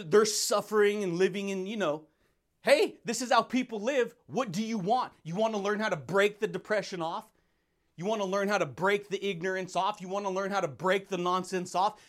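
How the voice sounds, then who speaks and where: A young man delivers a fired-up motivational monologue in a fairly high voice. He is brash and intense, laughs often, and keeps calling the listener dude and buddy. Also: fairly bright tone. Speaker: podcast host.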